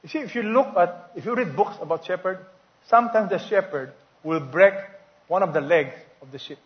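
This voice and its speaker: A pastor with a notably high voice preaches to his congregation, quizzing them and drawing out the words he wants to stress. The recording is dull and lo-fi. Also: fairly quick. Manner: preacher asking the congregation questions, stretching key words. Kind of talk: sermon.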